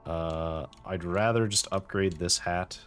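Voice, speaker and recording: A man with a deep, low voice talks through a video game playthrough in a relaxed, casual way. He thinks aloud over his options and drops dry, wry asides. Faint game music plays behind him. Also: slow, clear, resonant tone. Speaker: let's-play host. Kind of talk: casual gameplay commentary.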